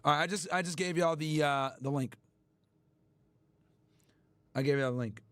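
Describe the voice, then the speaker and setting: A man hosting a livestream, ranting at his chat in a loud, profane, emphatic way. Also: on the high side, moderate pace, dry recording. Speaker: livestream host. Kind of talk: casual livestream rant.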